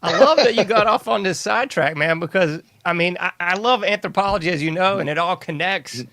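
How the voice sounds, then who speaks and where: A man's voice: sits high, a little fast, pushed and bright. A man hosting a casual interview, laid-back and slangy, often saying man. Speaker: host.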